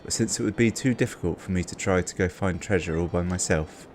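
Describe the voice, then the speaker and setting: A man's voice: deep voice, a little fast, darkish tone, a little hiss or hum, close to an everyday voice. A man reading aloud a polite letter from a princess in his own voice.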